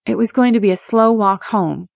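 A woman narrating a romance audiobook in a measured, expressive reading. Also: mid-range voice, vocal fry, dry recording, clean studio sound. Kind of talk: scripted narration.

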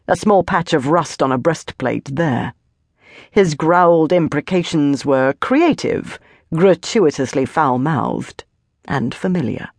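A woman's voice: deep voice, darkish tone, no echo. Woman narrating epic fantasy, dry and close. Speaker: audiobook narrator.

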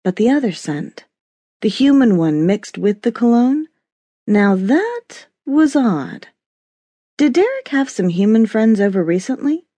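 A woman narrating a romance audiobook in an expressive storytelling manner, close to a studio mic. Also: on the high side, a little slow, breathy edge, no room sound. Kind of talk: scripted narration.

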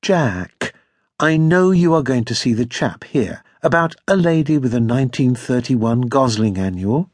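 A man voicing a sharp, jealous young woman with a quick, accusing tongue in an audiobook. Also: mid-range voice, animated, no echo. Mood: knowing. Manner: tart and accusing.

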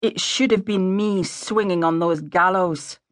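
A woman's voice: fairly low pitch, unhurried, no echo, studio quality, lightly acted. Woman voicing a brooding young Scotsman. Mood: grieving. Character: grieving young Scottish man.

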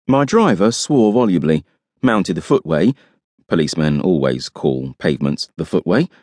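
A man's voice: lowish voice, darkish tone, dry recording. A man narrating a first-person audiobook with wry, dry humour.

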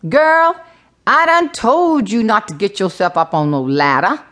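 A woman's voice: medium pitch, expressive, unhurried, fairly bright tone, voice pushed up. A woman voicing a bossy, scolding older woman helper with a Gullah accent, drawn out and stern.

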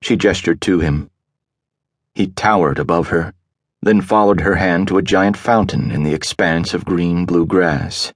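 A deep-voiced male audiobook narrator reads scripted narration at a moderate pace. The studio sound is clean, with no echo.

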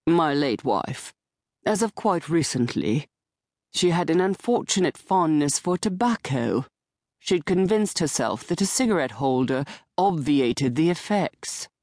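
A woman doing a weary, formal old widower, slow and low. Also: animated, darkish tone, no echo, clean studio sound. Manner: measured, formal, clipped. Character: older male widower, formal, weary, bitter. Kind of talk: audiobook character voice. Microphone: close studio mic.

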